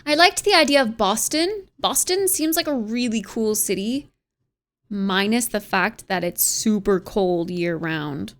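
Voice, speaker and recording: A woman's voice: medium pitch, lively intonation, a little slow, a bit bright. A young American woman streamer chatting casually at home, reading viewers' messages aloud and musing on them with frequent laughs. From United States. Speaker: livestreamer.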